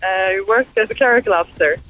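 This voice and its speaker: A woman's voice: medium pitch, fast talker, fairly bright tone, rough recording. A woman calling in to a radio phone-in, rueful and self-deprecating. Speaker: caller.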